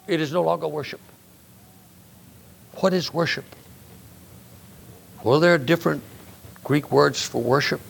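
An older man, a grandfather, preaching a sermon with emphatic rises in pitch. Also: a little slow, gravelly, pauses often, slightly rough. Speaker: pastor.

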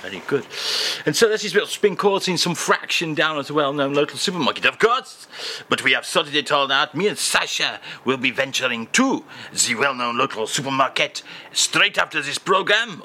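Comic radio host, male, mock-grand and rambling, bright tone. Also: medium pitch. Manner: mock-pompous, rambling, deadpan.

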